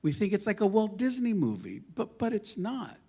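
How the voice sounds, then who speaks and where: In a synagogue sanctuary, a male rabbi preaches in a high, breathy voice with vocal fry, big pitch swings, and a moderate pace. He's impassioned and emphatic, moving between loud declarations and quiet asides, and tells wry, self-deprecating stories conversationally.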